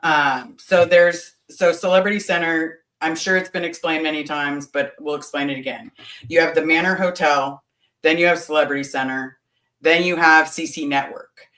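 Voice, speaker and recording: A woman's voice: low voice, fairly even intonation, moderate pace, fairly bright tone, roomy sound, distant mic, low-quality recording. A woman talking bluntly and candidly as a guest in a casual chat, swearing now and then.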